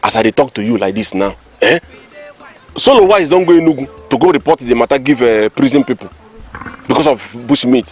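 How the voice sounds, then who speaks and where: A man's voice: mid-range voice, expressive, fairly quick, a little mellow, lightly acted. An actor with a Nigerian accent playing a village man who insistently passes on gossip. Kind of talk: Nollywood comedy film acting. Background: faint background music.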